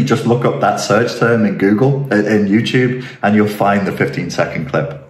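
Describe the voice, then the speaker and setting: Low-voiced man musing in a roomy space. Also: moderate pace. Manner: earnest, digressive, rising to emphatic rhetorical questions. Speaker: philosophy channel host. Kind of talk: reflective monologue. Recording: roomy echoing room.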